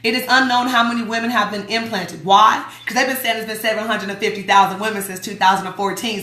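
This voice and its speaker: A woman's voice: mid-range voice, fairly even intonation, fast talker, few pauses, bright, forceful tone, reverberant. A woman hosting a radio show, reading a newsletter aloud in a chatty, emphatic way and talking back to her listeners. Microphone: streaming mic.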